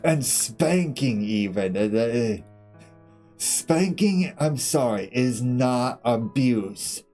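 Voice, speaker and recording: Slow-talking man with a mellow voice. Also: mid-range voice, animated, soft background music. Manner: candid, profane, laughing through his stories. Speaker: streamer. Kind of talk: casual storytelling between game segments.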